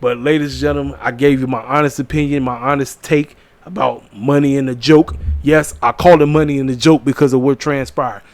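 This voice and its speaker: A man giving an animated, preachy casual commentary on wrestling shows, repeating his catchphrases, in a small room at home. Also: medium pitch, fairly quick, no room sound. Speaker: wrestling show reviewer.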